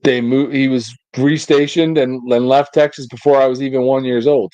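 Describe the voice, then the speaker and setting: A man in his forties co-hosting a podcast, trading jokes in casual banter with a deadpan, teasing streak. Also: mid-range voice, moderate pace, hardly any pauses, clean tone, dry recording. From United States. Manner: joking, teasing, deadpan asides. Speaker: podcast co-host.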